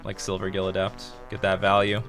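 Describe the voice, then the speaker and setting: Canadian man, laid-back stream commentary, laughs and swears casually, lowish bright voice, faint music under. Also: monotone, a little fast. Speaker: streamer playing a card game.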